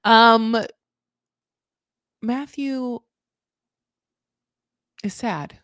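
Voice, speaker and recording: A woman hosting a comedic recap, chatty and animated, laughing often and acting out quotes. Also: fairly high pitch, very slow, clean tone, no echo, studio quality. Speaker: comedic recap podcast host.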